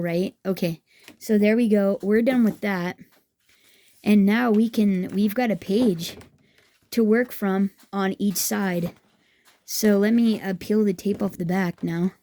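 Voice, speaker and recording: Woman, mellow warm tone, casual craft tutorial, chatty, enthusiastic, thinking aloud. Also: mid-range voice. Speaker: craft vlogger.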